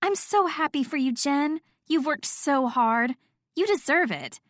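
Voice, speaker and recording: A woman narrator brings out a bubbly, gushing young woman who squeals and insists on every bit of gossip. Her pitch jumps up high and lively. The audiobook sound is dry and close. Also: normal speed, no echo, lightly acted. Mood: excited. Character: excitable gushing young woman friend, fangirl.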